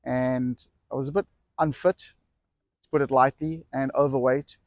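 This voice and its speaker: A middle-aged man who owns an e-bike shop tells a personal story to the camera in a casual, rambling way, correcting himself and acting out quotes as he goes. His voice sits at a medium pitch with a steady tone and an unhurried pace. The recording is dry and muffled.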